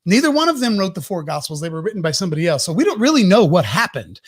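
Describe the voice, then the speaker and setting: Animated, profane male podcast host. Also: high-pitched, rapid-fire, breathy edge. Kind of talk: comic rant on a podcast.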